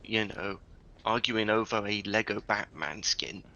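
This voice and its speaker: A man's voice: on the low side, unhurried, gravelly, bright, forceful tone, lo-fi sound. A man chatting casually with a streamer friend during a game, asking short, blunt questions. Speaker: friend playing along. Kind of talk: casual chat.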